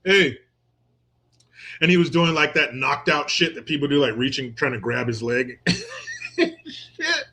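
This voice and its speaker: A man's voice: on the high side, very animated, a little slow, pauses often, bright, forceful tone. Profane joking man giving casual commentary. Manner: crude, joking, laughs often, rambling asides. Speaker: commentator reacting to a viral clip.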